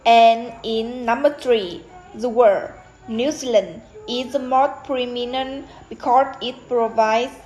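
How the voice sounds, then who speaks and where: A woman reading a prepared lesson explanation in a careful, measured way. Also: fairly high pitch, fairly even intonation, a little mellow, low-quality recording. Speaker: presenter of a student lesson.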